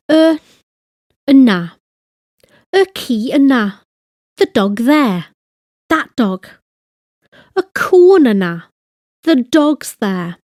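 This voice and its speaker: Slow, lively woman teaching. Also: sits high, no room sound, studio quality. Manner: clear, deliberate model phrases with translations. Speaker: language teacher. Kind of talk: slow bilingual grammar lesson.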